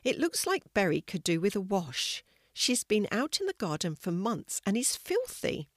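A woman voicing a calm, gently firm mother in a storybook. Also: medium pitch, normal speed, no echo, studio quality.

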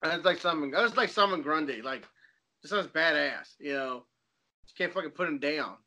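A man's voice: on the high side, fairly quick, bright, forceful tone. A man in casual chat, laid-back and swearing often, talking about cosplay.

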